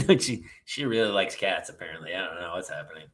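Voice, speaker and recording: A man hosting a casual comedy chat, talking in an animated, jokey way. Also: sits low, quick pace. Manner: animated, jokey, jumps into silly voices. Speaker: host.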